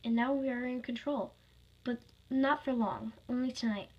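A woman's voice: fairly high pitch, steady tone, moderate pace, breathy edge, lo-fi sound. Woman voicing a worried girl trapped in a robot suit. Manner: earnest, pleading explanation.

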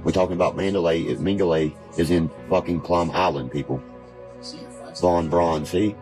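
A man's voice: deep voice, steady tone, normal speed, low-quality recording. A man from Virginia, rambling in casual chat, cursing freely and spinning conspiracy talk. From West Virginia. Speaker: guest. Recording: background music playing.

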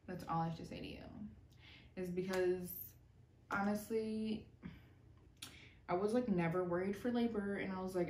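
A young woman telling a personal story in a storytime vlog, animated and sarcastic. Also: lowish voice. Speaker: vlogger. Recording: roomy echo, distant mic, faint noise.

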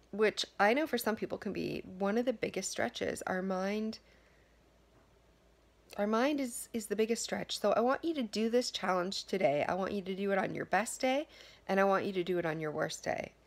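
A woman's voice: medium pitch, moderate pace. A woman wellness coach giving an earnest motivational talk, repeating reassuring affirmations. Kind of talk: motivational daily challenge talk.

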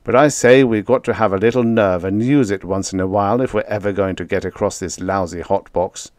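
A man's voice: on the low side, fairly even intonation, a little fast, darkish tone, dry recording, close to an everyday voice. A man reading an audiobook, voicing an impatient, reckless male expedition driver with a brash, complaining manner.

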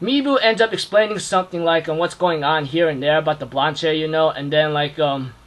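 A man giving an excited, casual recap of an anime episode, full of fillers and shouted sound effects. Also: on the high side, brisk, poor audio. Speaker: anime reviewer.

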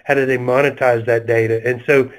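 A man with a Southern US accent, speaking as a panelist in a webinar discussion, halting and full of fillers and restarts. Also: medium pitch, little pitch movement, rough recording.

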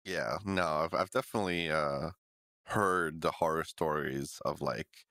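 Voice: a bass voice, unhurried, fairly bright tone, no room sound. A young man co-hosting a podcast in casual chat, laid-back and swearing freely with lots of fillers. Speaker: podcast co-host.

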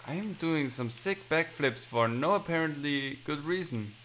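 Bright-voiced man rambling over gameplay. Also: a little high, expressive, moderate pace, a little hiss or hum. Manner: rambling, self-mocking talk to himself while playing. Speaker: gaming channel host. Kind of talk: casual let's-play commentary.

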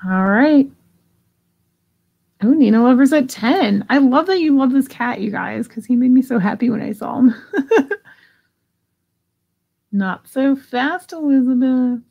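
A woman's voice: on the high side, animated, normal speed, creaky, pauses often, darkish tone, slightly rough. A woman hosting a live online auction, chatting casually and giggling as she reads out bids. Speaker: live sale host.

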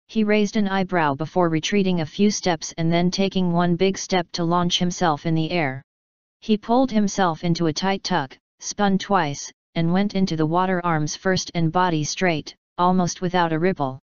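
Audiobook narrator, woman, lower voice, clear and measured. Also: no room sound. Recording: dry, slightly dull studio recording.

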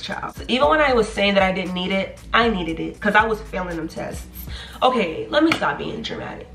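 A young woman in her twenties giving animated, encouraging advice in a casual vlog. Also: mid-range voice. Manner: animated, chatty, playful, encouraging. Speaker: nursing graduate vlogger. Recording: echoey room.

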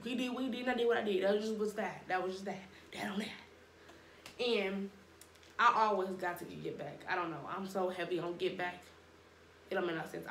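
A young woman tells a casual storytime, full of slang and acting out the other people's lines. Her voice sits in a mid register and carries a roomy echo. A faint hum of noise runs behind her. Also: medium pitch. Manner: animated, slangy, acts out quotes. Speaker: storytime vlogger.

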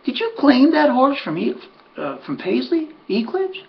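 A man's voice: extremely high pitch, wildly swooping pitch, unhurried, vocal fry, far from the mic, muffled recording, voice pushed up, exaggerated voice. A man doing a needling old-timer horseman. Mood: teasing. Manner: jabbing, mocking. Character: needling male horseman, teasing.

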